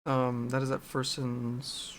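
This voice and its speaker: A man's voice: mid-range voice, monotone, takes it slowly, slight background noise. A man chatting casually while painting a miniature, rambling, searching for words and swearing.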